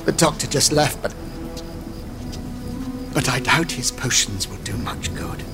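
A man's voice: medium pitch, expressive, a little slow, music in the background. An anxious pleading father. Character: worried wealthy father of a sick girl.

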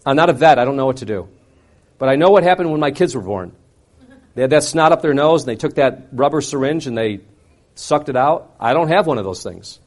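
A man preaching, telling a personal story in an animated way with wide swings between loud and quiet. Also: mid-range voice, brisk. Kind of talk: sermon storytelling.

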